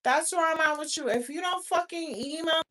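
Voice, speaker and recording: A woman's voice: sits high, brisk, sharp tone. A woman rants straight to her viewers. She is blunt and profane, scolding hard and cursing often in a loose, casual vlog delivery. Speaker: vlogger. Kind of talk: casual rant to camera.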